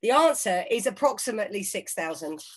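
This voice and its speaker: A woman's voice: medium pitch, lively intonation, a little fast. A woman co-hosting an online charity quiz over a video call, teasing and playful in casual comic banter. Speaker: quiz co-host.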